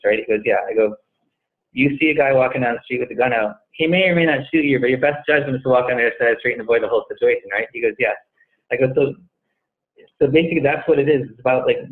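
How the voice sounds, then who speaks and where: Male interview guest, fast storyteller, call-quality audio. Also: medium pitch. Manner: animated, acts out dialogue in retold conversations. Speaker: guest, staffing company head. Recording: tinny phone-like line.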